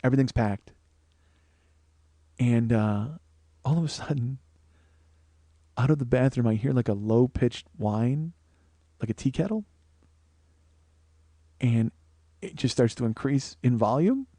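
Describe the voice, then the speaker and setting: A man spins a profane comic story on his podcast, laughing at his own jokes as he goes. His voice sits at an ordinary middle pitch. The sound is close and dry, right on a studio microphone. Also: lively intonation, unhurried, long pauses, mellow, no room sound. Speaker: podcast host. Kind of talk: comedic storytelling monologue. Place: small studio, co-host close by.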